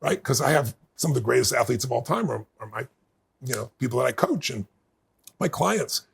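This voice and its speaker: A man's voice: medium pitch, animated, a little fast, vocal fry, breathy edge. A man in his fifties, a podcast guest telling a story in casual conversation and acting out the people he quotes. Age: 50s.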